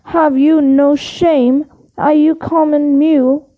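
A woman's voice: sits high, level tone, takes it slowly, phone-quality sound. A woman reading aloud, voicing a proud, angry male centaur with stern, growling rebukes.

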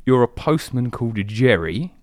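Lively joking man. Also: mid-range voice, moderate pace, no echo, studio quality. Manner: joking, swearing, laughs a lot. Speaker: podcast co-host. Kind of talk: casual chat.

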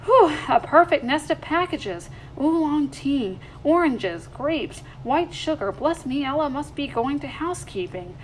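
A woman's voice: high voice, animated, measured pace, hardly any pauses, a little hiss or hum, pitched above the performer's own voice, low-quality recording. A woman voicing a saucy young man who teases his cousin playfully. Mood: teasing. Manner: teasing, bouncy.

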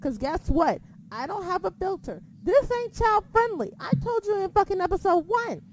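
A woman's voice: extremely high pitch, big pitch swings, normal speed, a little hiss or hum. A woman co-hosting a casual wrestling podcast, blunt and heavily profane as she rants about the show and her critics. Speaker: podcast co-host.

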